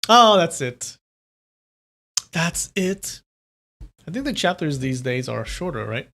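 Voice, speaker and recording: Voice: mid-range voice, big pitch swings, slow, bright, forceful tone. Casual live-stream novel reader. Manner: casual, playful, chatty asides. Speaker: streamer reading a novel aloud.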